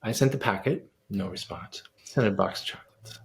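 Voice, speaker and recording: Gravelly-voiced man telling an animated story. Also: lowish voice, moderate pace. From United States. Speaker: guest pianist and composer. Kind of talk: storytelling in a casual interview.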